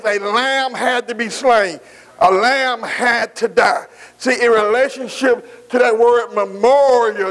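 A male preacher delivering a sermon. He repeats phrases, calls out amen to the congregation and slows down when reading scripture. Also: very high-pitched, fairly bright tone.

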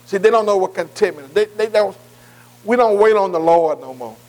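An older man delivers a folksy sermon, often checking in with the congregation and calling for their responses. His high, expressive voice moves briskly with a darkish tone, captured on a low-quality recording.

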